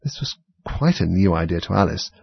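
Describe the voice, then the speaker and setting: A man narrates a storybook in a low, husky, gravelly voice, steady and even. The recording is dry and dull. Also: fairly quick, no echo. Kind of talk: storybook reading.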